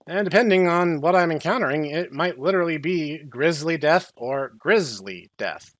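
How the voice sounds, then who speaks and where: A young man doing sarcastic, deadpan commentary while playing a horror game. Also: fairly high pitch, moderate pace, no echo. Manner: deadpan, dry sarcastic asides. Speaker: game streamer. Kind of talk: sarcastic let's-play commentary.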